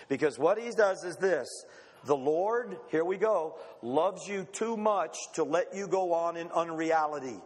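A man preaching with a high, ringing voice that carries a long reverb tail through a large hall. He delivers a dramatic, emphatic sermon, pausing for effect and slipping into the voices of the people he quotes. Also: animated.

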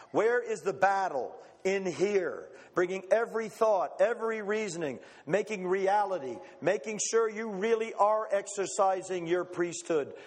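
A man preaches in a high, ringing voice whose long reverb tail fills a large hall. His sermon is dramatic and emphatic, with pauses for effect, and he slips into the voices of the people he quotes.

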